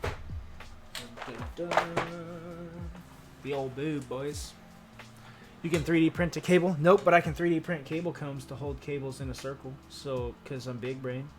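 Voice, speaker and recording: A young man with a fairly high-pitched voice builds a keyboard on a livestream, answering viewers in relaxed, slangy banter peppered with swearing.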